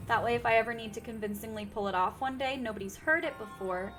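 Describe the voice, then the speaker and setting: A woman chats quickly with her viewers while streaming a game, thinking out loud in a slightly high, fairly bright voice. She's nursing a sore throat with tea, and faint music sits behind her.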